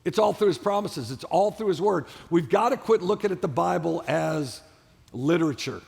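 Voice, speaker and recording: High-voiced gravelly pastor preaching in a reverberant hall. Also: male voice, lively intonation, moderate pace. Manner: preaching with call-and-response to the congregation; emphatic, repetitive, shouted peaks. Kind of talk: sermon. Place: large church auditorium. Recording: long hall reverb of a church auditorium.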